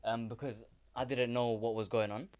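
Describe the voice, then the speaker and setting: A man's voice: medium pitch, level tone, normal speed, a little mellow, clean tone. A young man co-hosting a casual podcast, chatty and plainly explaining a story. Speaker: podcast co-host.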